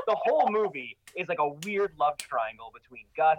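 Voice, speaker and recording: An enthusiastic man on a podcast who stammers and swears as he talks. His somewhat high voice moves in a lively way, and the audio sounds dull and lo-fi. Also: normal speed, hardly any pauses. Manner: enthusiastic, stammering restarts, profane. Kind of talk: casual podcast chat.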